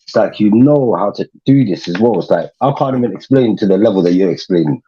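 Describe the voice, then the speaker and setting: A man's voice: on the low side, animated, fast. A man calling into a live panel, frustrated and defensive, cutting in to make his point. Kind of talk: heated live panel argument. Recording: dull lo-fi call line with faint hiss.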